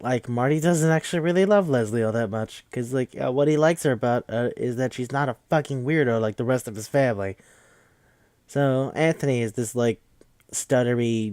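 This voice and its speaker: Excitable, profane man recapping a film. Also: mid-range voice, dry recording, studio quality. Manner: rambling, profane and excitable, with many fillers and restarts. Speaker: podcast host reviewing a film.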